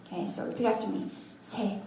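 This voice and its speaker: A woman's voice: mid-range voice, a little slow, darkish tone, slight background noise. Woman teaching in an echoey classroom. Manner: patient, sounds out words syllable by syllable; good-humored, joking asides. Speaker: Korean language teacher. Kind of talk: classroom language lesson. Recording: echoey room, from far off.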